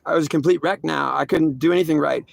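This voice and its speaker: A man telling a rambling personal story in an excitable way, often jumping into high yelps. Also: fast talker, gravelly, dry recording.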